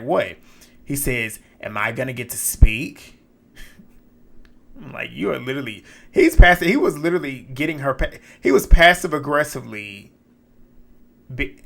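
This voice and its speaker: A man's voice: medium pitch, a bit bright. Exasperated man recapping a dating show. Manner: blunt, exasperated, laughs often while retelling. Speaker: recap commentator. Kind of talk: casual reality show recap and commentary.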